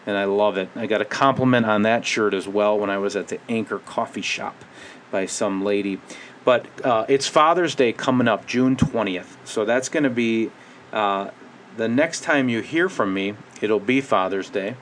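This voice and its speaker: Man, middle-aged, from Minnesota, low voice, casual rambling monologue, wry. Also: moderate pace, a bit bright, a little hiss or hum. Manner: rambling, wry, restless pace. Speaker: podcast host.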